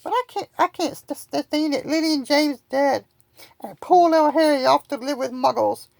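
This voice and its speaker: A woman's voice: sits high, normal speed, creaky, a little mellow, no room sound. A woman reading the lines of a big-hearted, tearful giant man, stammering through sobs in a storybook reading. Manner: stammering, sobbing speech.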